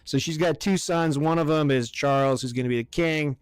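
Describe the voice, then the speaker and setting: A man co-hosting a casual podcast, rambling and swearing his way through excitable rants. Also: a little high, a little fast, smooth, no echo, clean studio sound. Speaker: podcast co-host.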